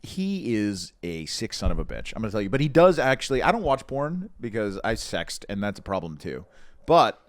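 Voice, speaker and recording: A man co-hosting a podcast, bantering in a lively way and egging the guests on. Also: fairly low pitch, moderate pace, dry recording, studio quality. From Italian, Argentinian, Colombian heritage. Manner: animated, egging others on. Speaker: co-host.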